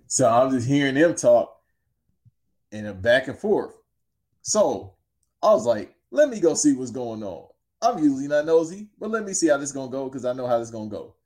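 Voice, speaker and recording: A man in easy conversation, spinning a story with lots of slang and lively asides. His pitch sits in an ordinary middle range, and he talks in a loose, laid-back way. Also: moderate pace. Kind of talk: casual storytelling chat.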